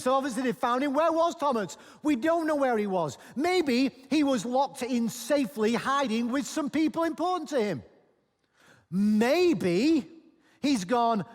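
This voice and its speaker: Guy pastor giving a sermon, pretty high voice, animated, big echoey church hall. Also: a little slow. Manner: animated storytelling, acting out characters. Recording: long church-hall reverb.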